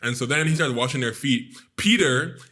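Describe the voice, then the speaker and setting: Bright-voiced young man, laughing and chatty. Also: medium pitch, moderate pace. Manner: laughing often, acts out quotes. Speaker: podcast co-host. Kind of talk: casual chat on scripture.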